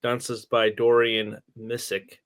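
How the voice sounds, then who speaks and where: A man co-hosting a casual TV review podcast, joking around and making quick asides. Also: medium pitch, completely flat delivery, a bit bright, clean tone, no echo. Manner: easygoing, jokey, quick asides. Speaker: podcast co-host.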